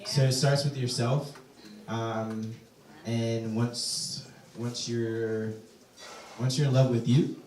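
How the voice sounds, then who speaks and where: A man, a poet, answering audience questions at a live reading. He talks hesitantly and softly, with many fillers. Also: mid-range voice, level tone, slow pace. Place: echoey event space. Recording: echoey room, distant mic.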